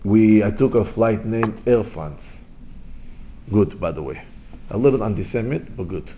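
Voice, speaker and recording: Male rabbi, storytelling lesson in broken English, big swings from loud to hushed, faint background noise. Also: fairly low pitch, a little slow. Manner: animated storytelling, swings between loud exclamations and quiet asides; non-native English with Hebrew terms. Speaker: rabbi teaching. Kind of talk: informal Torah lesson with stories.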